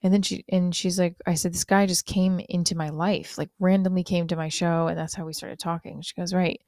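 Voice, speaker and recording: Low, gravelly woman, rambling and hurt. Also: level tone, darkish tone, dry recording. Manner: rambling, halting, many fillers and restarts. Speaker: podcast host. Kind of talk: confessional monologue.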